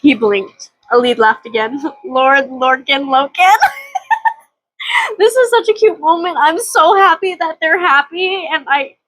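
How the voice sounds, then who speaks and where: Emotional woman book vlogger, high voice, close and dry sound. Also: expressive, a little slow, a bit bright, no echo, rough recording. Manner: gushing, emotional, reads passages aloud. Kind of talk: casual reading vlog.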